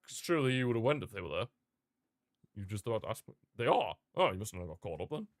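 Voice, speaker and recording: A man's voice: fairly low pitch, very animated, fast talker, no room sound, studio quality. Chatty young man reacting live. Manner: chatty, reacts aloud, laughs and exclaims at the match. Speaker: football watchalong streamer. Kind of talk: live watchalong commentary.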